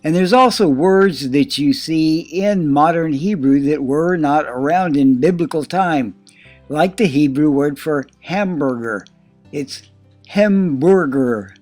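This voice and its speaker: Man, teacher, slightly high voice, explanatory, slow on foreign words, faint background music. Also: darkish tone, no room sound. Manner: explanatory, slows to spell out Hebrew words. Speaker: Hebrew teacher. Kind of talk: recorded lesson.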